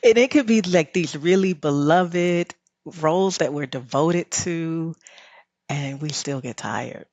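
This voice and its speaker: Low-voiced woman with a Southern drawl. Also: slow, darkish tone, no echo, muffled recording. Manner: reflective, guiding, laughs often. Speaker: rest teacher and podcast guest. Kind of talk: podcast conversation.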